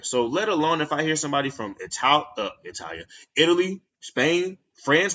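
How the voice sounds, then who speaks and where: A man from Texas hosting a podcast, telling stories in a slangy, animated casual monologue. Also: medium pitch, brisk, few pauses, lo-fi sound. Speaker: podcast host.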